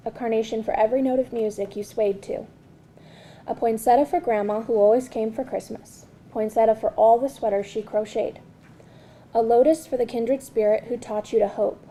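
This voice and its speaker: A woman reading her own spoken word poetry at a release event, slow and earnest with a repeated refrain. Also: a little high, creaky, dark tone. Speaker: poet reading her work.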